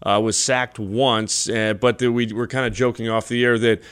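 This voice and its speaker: Brisk male radio sports host. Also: medium pitch, flat delivery, fairly bright tone, clean tone. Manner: brisk, stat-reading delivery. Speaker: play-by-play host. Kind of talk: radio postgame show hosting.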